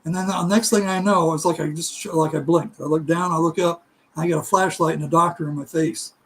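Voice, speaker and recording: A middle-aged man telling a casual, animated story, laughing and acting out other people's voices. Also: on the high side, a little fast, poor audio. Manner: animated, laughing, acts out voices in his stories.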